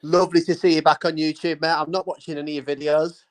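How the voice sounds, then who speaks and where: A man's voice: on the high side, flat delivery, fast talker. A man from England bantering casually, teasing and slangy, a little out of breath from exercise. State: out of breath from pedaling.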